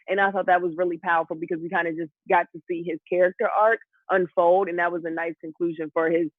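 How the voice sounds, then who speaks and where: A man's voice: high voice, level tone, quick pace, hardly any pauses, dry recording, phone-quality sound. A man hosting a casual TV recap discussion, leading the panel and asking his co-hosts questions. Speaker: host.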